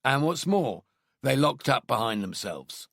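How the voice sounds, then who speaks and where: A man voicing a decisive male detective inspector briefing his team in a measured, firm way. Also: mid-range voice, sing-song, creaky, fairly bright tone, no room sound, clean studio sound, heavily acted. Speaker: police team leader.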